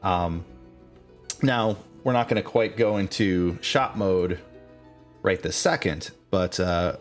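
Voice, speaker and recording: A man narrating as game master, halting with many fillers and restarts. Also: sits low, faint music behind.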